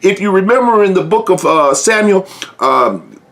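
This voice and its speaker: A man's voice: high voice, expressive, moderate pace, a bit bright. A man preaching an informal sermon, speaking earnestly and directly to listeners, often repeating and restarting his words.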